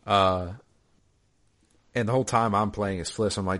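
A man with a very low, deep voice talks through a game's story in a loose, chatty way. He rambles, restarts sentences and fills pauses with ums and uhs. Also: fairly even intonation, fairly bright tone. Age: adult, married. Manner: rambling, halting, many fillers and restarts. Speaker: podcast co-host recapping a game. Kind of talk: casual chat.

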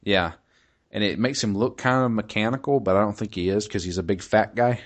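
A man with a deep, low-pitched voice chatting informally about a video game he is playing. He talks in a loose, hesitant way, circling back with "um" and "uh" and restarting his sentences as he goes. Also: brisk. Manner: hesitant, many fillers and restarts. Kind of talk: casual podcast chat.

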